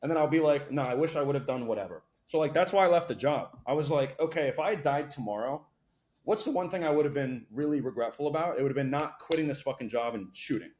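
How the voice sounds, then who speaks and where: A young man, a podcast guest, talking casually and swearing a lot as he tells animated stories. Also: medium pitch. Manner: fast, profane, animated storytelling.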